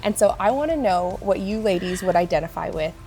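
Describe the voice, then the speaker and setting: A woman's voice: fairly low pitch, animated, a little fast, dark tone. A young woman hosting a casual church discussion in a friendly, conversational way. She keeps the talk moving with questions for the others. Faint music plays behind her. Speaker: host.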